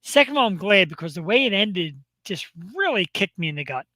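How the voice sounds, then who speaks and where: A man co-hosts a live talk show, joking around in quick excitable bursts. His voice is bright and forceful, recorded close and dry with no room sound. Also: high voice, no echo, poor audio. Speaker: co-host. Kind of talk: casual chat.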